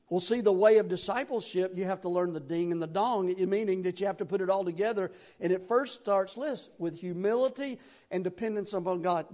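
A middle-aged man from Tennessee with a Southern accent, preaching a sermon in a folksy, rambling way with sudden loud bursts. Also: sits high, a little fast. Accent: Southern American. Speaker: pastor.

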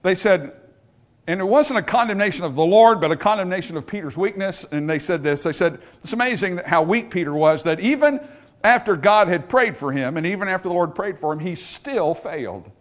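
A man preaches a sermon with a high, lively voice that climbs and falls widely. He drops low and slow to quote scripture, then rises to loud, emphatic declarations before his congregation. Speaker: pastor. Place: church in front of a congregation.

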